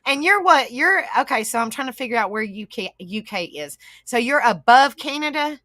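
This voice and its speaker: Southern US woman host, animated high voice, folksy and giggly. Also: normal speed. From Southern United States. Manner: bubbly, laughs a lot, folksy Southern slang. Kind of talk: casual chat on a live stream.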